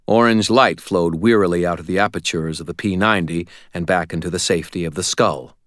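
A man reading a first-person audiobook in an even, understated manner. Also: low-pitched, brisk, hardly any pauses, no echo, studio quality. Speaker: audiobook narrator.

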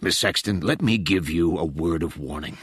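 A stern female presidential advisor with a raspy, cold voice, read in an audiobook by a man doing her. She scolds in a clipped, icy way, with a lively rise and fall to her voice. It is a bright, forward sound in a dry, close booth. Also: mid-range voice, normal speed, no echo, voice pushed up.

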